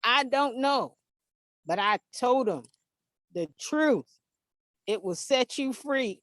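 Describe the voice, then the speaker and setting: A mother telling an animated, emphatic story in an interview, acting out the dialogue. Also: fairly high pitch, no room sound. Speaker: interview guest, parent.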